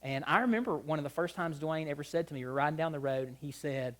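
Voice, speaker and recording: At a humorous church conference, a male speaker on marriage preaches in a church sanctuary before a live audience, telling stories and acting out both sides of conversations. His voice is fairly high and his pace quick and lively.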